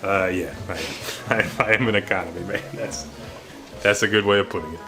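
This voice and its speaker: A man hosting a casual cooking vlog in his home kitchen, with goofy, deadpan wordplay. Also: on the low side, a little fast. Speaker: cooking show host. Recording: music playing underneath.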